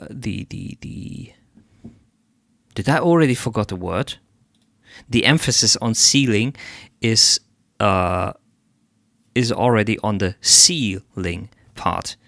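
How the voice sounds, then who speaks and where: A man hosting a live stream who critiques a listener's song in an analytical way. He often pauses to search for the right word. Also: fairly low pitch, gravelly, a bit bright, no echo, clean studio sound. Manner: analytical, searches for words, hums melodies to demonstrate. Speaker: music feedback streamer.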